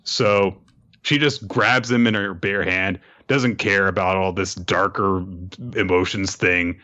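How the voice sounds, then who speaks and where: A man's voice: deep voice, steady tone, slow pace, sharp tone, muffled recording. A man hosting a podcast, recapping a chapter in a casual, amused storytelling manner.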